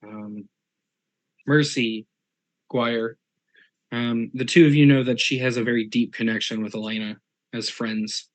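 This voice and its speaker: A man's voice: medium pitch, steady tone, a little slow, long pauses. A man narrating a tabletop role-play game as game master, describing characters unhurriedly.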